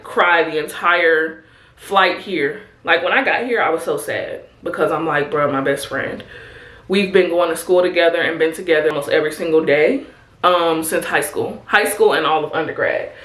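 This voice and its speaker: A woman's voice: fairly low pitch, fairly bright tone, echoey room. A woman in her twenties from Chicago, chatting candidly with her viewers in a casual get-ready-with-me vlog, calling them "y'all" and "honey". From Chicago, USA. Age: 20s. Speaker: vlogger. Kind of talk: casual chat while getting ready.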